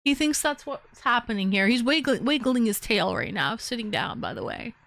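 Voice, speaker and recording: A woman streamer chatting casually with her live chat, who switches to a high cooing baby voice when she talks to her dogs. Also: animated, moderate pace, fairly bright tone, no room sound.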